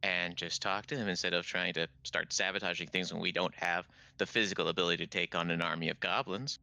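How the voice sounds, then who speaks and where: A man's voice: low-pitched, fairly even intonation, fast talker, creaky, sharp tone, no echo. A man playing a tabletop game, making wry dry remarks. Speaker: player.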